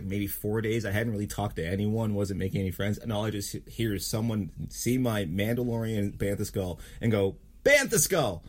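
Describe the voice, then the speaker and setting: A man hosting a podcast in casual chat, swearing freely and laughing through rambling banter. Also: on the low side. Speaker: podcast host.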